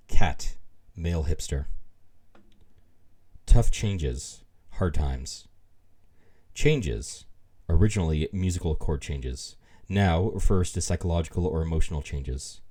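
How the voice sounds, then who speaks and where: Deep-voiced man reading aloud on stream. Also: expressive, slow, mellow, husky. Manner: reads glossary entries with wry, amused asides. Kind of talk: live-stream reading with casual asides.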